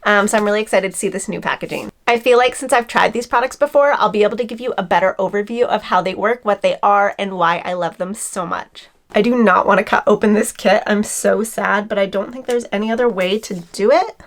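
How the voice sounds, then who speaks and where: Young woman, twenties, beauty vlogger; gushing, chatty, excitable; mid pitch. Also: a little fast, hardly any pauses. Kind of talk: casual unboxing review.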